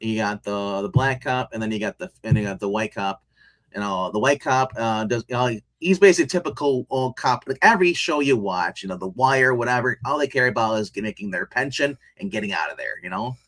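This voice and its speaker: A man co-hosting a casual review show, talking in a rambling and animated way, with lots of restarts and laughs as he retells scenes. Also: on the low side, a little fast. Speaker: podcast co-host reviewing a TV show.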